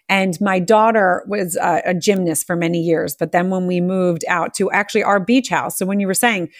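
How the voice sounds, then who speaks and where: Chatty, excitable woman podcast host. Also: fairly low pitch, moderate pace, no echo, clean studio sound. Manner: chatty, excited, laughs often. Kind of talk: casual interview chat.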